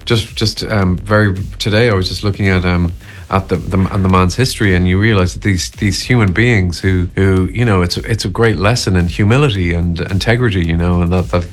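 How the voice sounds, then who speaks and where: A middle-aged actor being interviewed, talking casually and thoughtfully, with lots of hesitations and restarts. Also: male voice, low voice, steady tone, brisk, a little hiss or hum.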